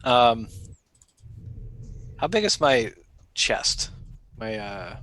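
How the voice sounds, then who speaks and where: A man's voice: medium pitch, big pitch swings, drawn-out words, sharp tone. A man chatting casually as a player in a tabletop game, hesitant and full of fillers.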